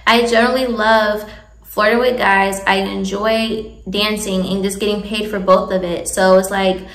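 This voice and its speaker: A woman's voice: mid-range voice, flat delivery, moderate pace, fairly bright tone, echoey room. A young woman in a casual, candid advice chat, chatty and laughing often. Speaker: vlogger giving advice.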